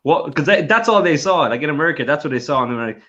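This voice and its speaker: An Irish man co-hosting a podcast, telling stories in a rapid, animated way and repeating himself. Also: mid-range voice, lo-fi sound. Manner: rapid, animated storytelling with repetitions. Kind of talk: casual interview chat.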